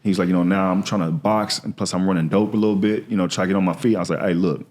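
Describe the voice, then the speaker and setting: Deep-voiced fast-talking man telling candid stories. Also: steady tone, a little mellow. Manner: candid storytelling, slangy and earnest. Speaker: comedian guest. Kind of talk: casual podcast conversation.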